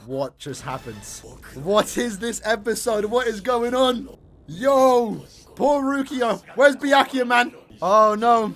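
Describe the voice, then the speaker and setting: High-voiced excitable young man reacting. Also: takes it slowly. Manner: excitable, slangy exclamations and shouts. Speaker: anime reaction channel host. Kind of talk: casual anime reaction commentary.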